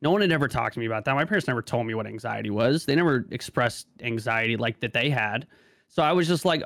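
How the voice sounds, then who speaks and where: A man's voice: medium pitch, animated, fast talker, creaky, a bit bright, no room sound, clean studio sound. A man talking casually as a podcast guest, stammering and restarting often, with many "like" fillers. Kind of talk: casual conversation.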